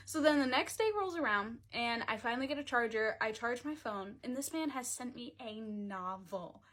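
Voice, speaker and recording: A young woman with a slightly high voice tells a storytime in a chatty, dramatic way. She piles on "like" fillers and plays up each turn of the story. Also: moderate pace, few pauses. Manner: chatty, heavy use of "like" fillers; dramatic, animated retelling. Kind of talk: casual storytime vlog.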